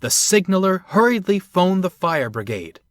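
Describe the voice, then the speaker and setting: A man narrating a train story in a measured, expressive reading voice. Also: sits high, slight background noise. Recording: music under the narration.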